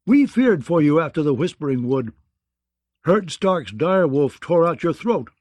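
A man voicing a gruff, bawdy, blustering male knight in an audiobook, with a mocking, growling manner. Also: on the high side, sing-song, unhurried, a little mellow, dry recording, pitched above the performer's own voice. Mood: teasing. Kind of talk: audiobook character voice.

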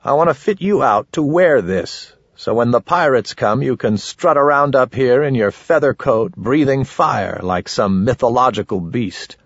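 A man voicing a squeaky, sly little male wizard with a wheedling, needling way of talking in an audiobook. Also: moderate pace, few pauses, breathy edge, no room sound, highs cut off. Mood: eager.

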